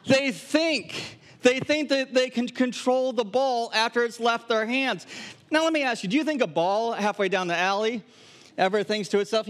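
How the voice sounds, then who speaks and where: Animated high-voiced preacher man. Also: normal speed. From Wisconsin, US. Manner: animated, humorous storytelling with acted asides. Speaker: pastor. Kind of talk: sermon. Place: camp gathering hall.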